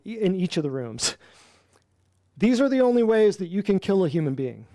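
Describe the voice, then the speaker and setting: Male health teacher, fairly high voice, dry close sound, emphatic lecturer who keeps quizzing his class. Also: dark tone, no echo. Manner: emphatic, repetitive, asks the class questions. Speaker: natural health instructor.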